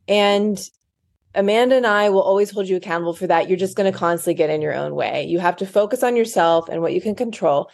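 A woman co-host speaking straight to her listeners in an upbeat, encouraging tone. Her voice sits at an average pitch, and her chat is casual and motivational. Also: quick pace, creaky, darkish tone. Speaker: podcast co-host.

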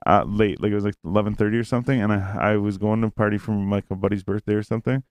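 Young man, low voice, dry close sound; casual, profane storyteller who rambles. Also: steady tone, very fast, a little mellow, dry recording. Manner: rambling, profane, acts out quoted lines.

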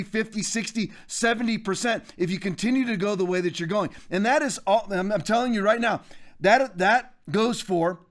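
A man's voice: sits high, fairly bright tone. A man in his fifties hosting a political commentary show, ranting emphatically and addressing listeners directly. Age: 50s. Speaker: show host.

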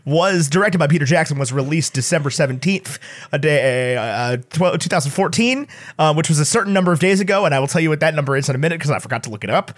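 A man co-hosting a casual comedy movie podcast, rattling off facts and reviews in a quick, rambling way. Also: fairly high pitch, lively intonation. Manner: quick, rambling, self-interrupting. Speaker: podcast co-host reading reviews.

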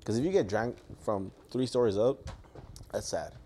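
A young man co-hosting a casual podcast, telling a story and quoting his friends in animated bursts. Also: lowish voice, moderate pace. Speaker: podcast co-host. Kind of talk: casual chat.

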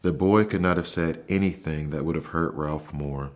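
A man narrating a bedtime story in a soft, unhurried, soothing way. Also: a bass voice. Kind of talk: calm scripted bedtime narration.

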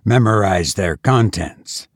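Male narrator as young duke, cold and mocking, deep and unhurried, audiobook. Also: dry recording, clean studio sound. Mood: cold, menacing. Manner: soft-spoken, mockingly calm, slow. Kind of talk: audiobook character voice.

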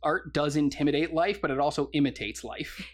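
A man's voice: on the high side, a little fast. A man co-hosting a casual movie review chat, eager and laughing often as he acts out lines from the film. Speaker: podcast co-host.

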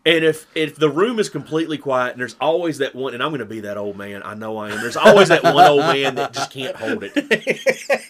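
A man's voice: medium pitch, animated, fairly quick, crowd noise. A man co-hosting a casual podcast, joking in a laid-back way and repeating words as he goes. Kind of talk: casual chat.

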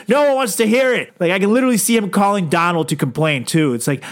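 A man's voice: high voice, fast talker, hardly any pauses. A man co-hosting a comedy podcast, roasting politicians with crude jokes and frequent laughter. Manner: crude, mocking, laughs often. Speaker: podcast co-host.

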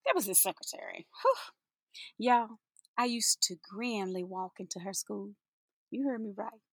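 A woman's voice: mid-range voice, normal speed, husky, no echo, studio quality. A woman teacher giving an inspirational spoken-word monologue, sassy and playful, laughing often and drawing out her words for emphasis.

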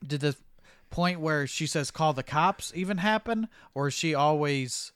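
A man's voice: fairly high pitch, lively intonation, unhurried, fairly bright tone, clean tone, dry recording, clean studio sound. A man co-hosting a podcast, talking casually about a film, hesitant with many ums and restarts. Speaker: podcast co-host. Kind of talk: casual movie discussion.

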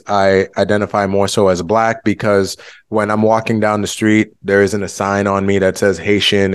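A man from the United States hosting a conversational interview podcast, speaking in a thoughtful, expressive way and shifting his pitch to make a point. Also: dry recording. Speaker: podcast host.

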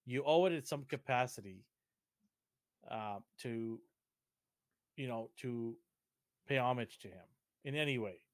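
Male podcast co-host, mid-pitched, opinionated casual talk, dry close sound. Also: a little slow, long pauses, no room sound. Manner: opinionated, argues his point. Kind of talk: casual chat.

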